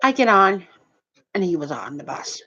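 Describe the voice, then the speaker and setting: A woman's voice: fairly low pitch, sing-song, moderate pace, a bit bright. A woman who retells an everyday run-in in a rambling, repetitive, indignant way. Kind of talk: rambling storytelling to camera. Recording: dull lo-fi recording.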